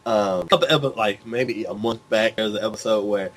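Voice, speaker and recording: A co-host in a casual chat, this man tells stories animatedly, acting out scenes with character lines and sound effects. His voice is on the low side, and he talks fairly quickly.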